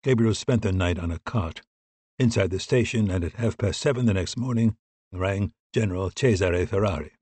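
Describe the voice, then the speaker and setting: A man reading a thriller audiobook in scripted narration, steady and even. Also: low-pitched, normal speed, breathy edge, no room sound.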